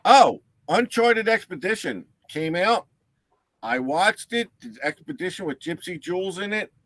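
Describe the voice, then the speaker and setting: A man's voice: sits high, animated, measured pace, fairly bright tone, no room sound. A man co-hosting a live hobby talk show, teasing his co-hosts and rambling on in casual banter. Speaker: co-host.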